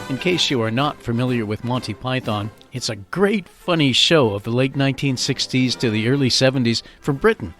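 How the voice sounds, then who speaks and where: A man's voice: medium pitch, fairly quick, few pauses, over music. A man hosting a scripted educational podcast, explaining phrases in a playful, jokey way. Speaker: podcast host.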